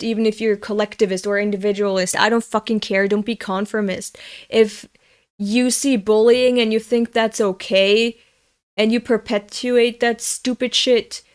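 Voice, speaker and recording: With a clear, resonant, mid-range voice, a young woman from Europe reads manga aloud on stream. Her running commentary is angry, blunt, and full of profanity.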